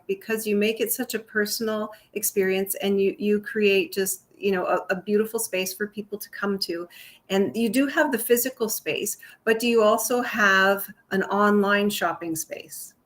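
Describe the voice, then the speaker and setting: A woman's voice: medium pitch, moderate pace. A woman hosting a casual live-stream chat, bubbly and effusive, laughing often. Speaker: host.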